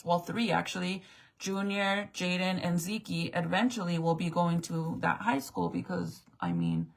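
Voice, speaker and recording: A woman's voice: on the low side, gravelly, fairly bright tone, poor audio. A middle-aged woman venting to her viewers in a profane, exasperated rant. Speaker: vlogger. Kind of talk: angry rant to camera.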